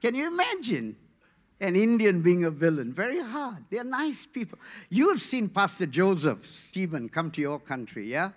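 Animated man preaching a humorous sermon. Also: high voice, moderate pace. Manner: animated, rising to rhythmic preaching. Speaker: pastor.

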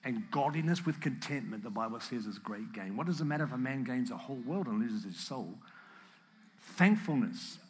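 A man preaching a sermon, earnest and emotional, at times close to tears, building up to animated emphasis. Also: medium pitch, moderate pace. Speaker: pastor.

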